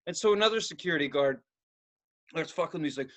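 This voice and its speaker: Speaking quickly in a high voice, this male podcast co-host launches into profane comedic storytelling. He curses nonstop, stays animated, and performs each character in his story.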